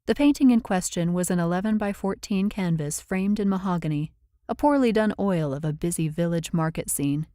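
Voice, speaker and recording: A woman reads a first-person novel aloud as an audiobook, with a low-set, mellow voice. She tells the story in a measured, even way. The sound is close and completely dry, with no room at all. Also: no room sound. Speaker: audiobook narrator.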